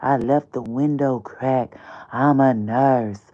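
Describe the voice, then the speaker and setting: A woman imitating a soft-spoken, haughty woman nurse who talks in a quiet, slow, breathy drawl. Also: extremely low pitch, steady tone, highs cut off, pitched below the performer's own voice. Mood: defensive.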